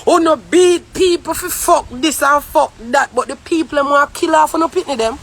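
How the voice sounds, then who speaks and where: A woman with a Jamaican accent in a heated, profane ranting monologue, often shouting. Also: high-pitched, moderate pace, slight background noise. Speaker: vlogger.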